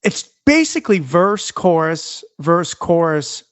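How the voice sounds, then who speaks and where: Higher-voiced analytical podcast co-host. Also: male voice, big pitch swings, takes it slowly, a bit bright, dry recording, muffled recording. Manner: analytical, breaks down song structure. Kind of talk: casual podcast chat.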